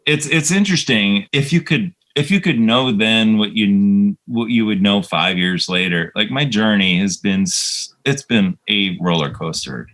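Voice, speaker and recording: A low-pitched man talks casually as a guest in an interview. He tells reflective, rambling stories about his work, full of fillers and restarts. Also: expressive, measured pace, few pauses, fairly bright tone, poor audio. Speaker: composer guest.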